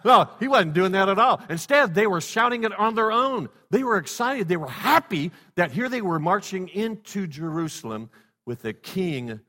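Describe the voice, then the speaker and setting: A man preaches a sermon in a forceful, bright voice that sits a little high. He swings between ringing exclamations and hushed, low passages, coaxing the congregation to answer back. His voice trails into the long reverb of a church sanctuary. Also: lively intonation, normal speed. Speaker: pastor.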